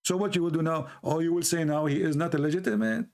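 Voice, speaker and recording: Animated high-voiced man with an Arabic accent. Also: fast talker, vocal fry. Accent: Middle Eastern Arabic. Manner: animated, mocking, repeats words, laughs at his own points. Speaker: online commentator. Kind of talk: casual opinion talk with storytelling.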